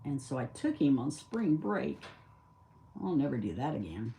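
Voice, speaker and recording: A woman's voice: extremely low pitch, big pitch swings, normal speed, vocal fry, dark tone, a little hiss or hum. An older woman recounts a memory in plain, everyday speech. She rambles a little and keeps things casual and conversational. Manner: chatty, rambling, acts out dialogue. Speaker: storyteller. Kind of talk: casual spoken storytelling.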